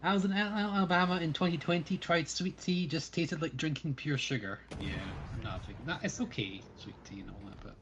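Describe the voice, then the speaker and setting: A man's voice: on the high side, fairly quick, hardly any pauses, fairly bright tone, muffled recording. A Scottish man chatting casually as a fellow player on a gaming livestream, playfully opinionated. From Scotland.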